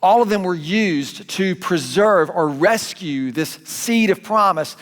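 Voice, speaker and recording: A man with a Southern US accent preaching a sermon as a pastor, conversational and animated, correcting himself as he goes. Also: sits high, slow pace. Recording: long hall reverb.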